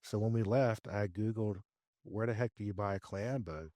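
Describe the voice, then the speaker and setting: A man as a podcast guest, telling a business story in a lively way and acting out his own dialogue. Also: on the low side, moderate pace, no room sound. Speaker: podcast guest, real estate investor. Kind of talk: conversational storytelling interview.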